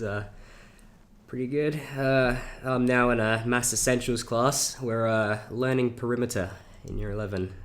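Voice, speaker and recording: A seventeen-year-old man with a South Australian accent, rambling through a casual Q&A vlog with lots of fillers and swearing. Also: lowish voice. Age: teens. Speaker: YouTuber.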